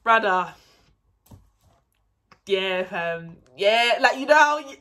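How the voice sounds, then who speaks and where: Animated woman telling a story. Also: on the low side, unhurried. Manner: animated, laughing often, slangy, acts out texts in a hushed voice. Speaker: vlogger. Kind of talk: casual storytime chat.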